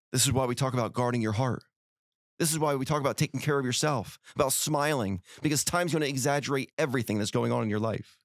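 Lively, earnest man giving a motivational talk. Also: mid-range voice, dry recording, clean studio sound. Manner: earnest, folksy, conversational, with rhetorical questions. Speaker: podcast host.

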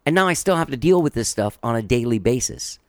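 A man's voice: medium pitch, animated, fast talker, no room sound, studio quality. A man hosting his podcast, chatting casually and rambling with a laid-back drawl before introducing his guest. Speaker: podcast host.

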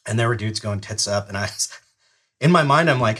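A man's voice: on the low side, animated, fairly quick, a bit bright, breathy edge. A middle-aged man, a retired soldier, telling a long story in casual, profane podcast talk, often laughing as he goes. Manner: profane, laid-back, laughs through his stories. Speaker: podcast guest, retired Army Ranger.

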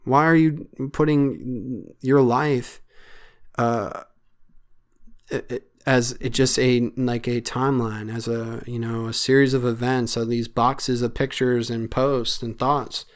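A man's voice: medium pitch, fairly even intonation, slow. A man hosting a solo podcast, talking in an earnest, rambling way with many fillers. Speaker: podcast host.

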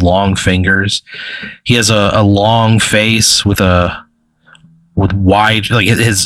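Forceful, slightly low-voiced man narrating. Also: poor audio. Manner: rambling, hesitant, full of fillers and restarts. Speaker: game master. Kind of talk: improvised hypothetical narration.

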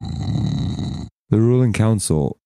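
A man's voice: fairly low pitch, lively intonation, very slow, vocal fry, warm tone, clean tone, dry recording, studio quality. A man playing a tabletop role-playing game, speaking in character with a wry, swearing manner. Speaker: player.

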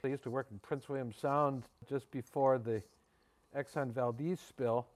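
A man's voice: medium pitch, fairly even intonation, moderate pace. A man hosting a radio podcast, chatting in a friendly, easygoing way and laughing easily. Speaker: podcast host. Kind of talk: casual interview talk.

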